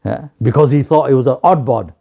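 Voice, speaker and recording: A young man gives a storytelling sermon in a mosque, lively and animated, acting out the quotes. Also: medium pitch, a little fast, vocal fry. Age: young adult. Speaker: preacher. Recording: slightly dull lo-fi recording.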